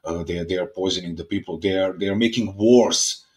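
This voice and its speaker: A podcast host from Serbia, a man speaking English, talking in an excitable, casual way, often repeating words and restarting. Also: low voice, brisk. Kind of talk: casual interview chat.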